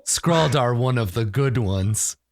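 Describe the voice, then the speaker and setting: A man voicing a big, simple-minded woman who speaks in slow, broken phrases. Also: mid-range voice, lively intonation, no echo, clean studio sound. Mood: mournful.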